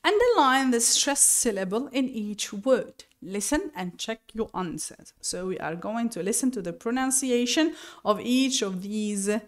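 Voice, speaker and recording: A woman teacher explaining English vocabulary and pronunciation slowly and deliberately, sometimes correcting herself. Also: medium pitch. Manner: slow and deliberate, spelling out each word with self-corrections. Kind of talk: recorded lesson explanation.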